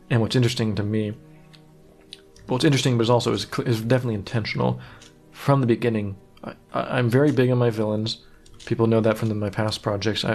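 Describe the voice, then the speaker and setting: A man with a low voice speaks in a flat, level tone as he gives a casual director's commentary. His delivery is earnest and meandering. Faint music plays behind him. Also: creaky. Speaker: director of an animated series.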